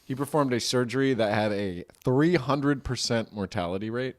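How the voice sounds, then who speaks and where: A man's voice: medium pitch, normal speed. A man co-hosting a comedy podcast, telling a story in casual chat, laughing often and acting out quoted lines. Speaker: podcast co-host.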